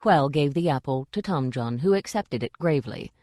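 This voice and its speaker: A woman narrating a fantasy novel as an audiobook reader, with a steady storytelling delivery. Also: deep voice, moderate pace, hardly any pauses, no echo, clean studio sound. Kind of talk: scripted narration.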